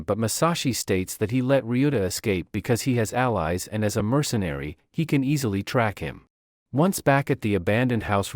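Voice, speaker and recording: Steady male anime recap narrator, dry sound. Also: medium pitch, no room sound. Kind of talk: scripted narration.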